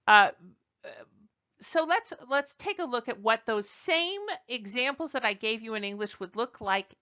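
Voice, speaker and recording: A woman's voice: on the high side, animated, measured pace, pushed and bright, clear, resonant tone, dull audio. A woman teaching French from slides in a chatty way, correcting herself now and then and reading example sentences aloud. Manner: chatty, self-correcting, switches into read-out French. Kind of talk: slide lecture.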